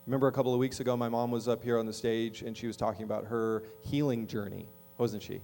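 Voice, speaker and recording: A man's voice: medium pitch, level tone, fast talker, vocal fry, dark tone. A middle-aged man preaching a sermon as pastor in a church, talking conversationally and often checking in with the congregation. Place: church sanctuary.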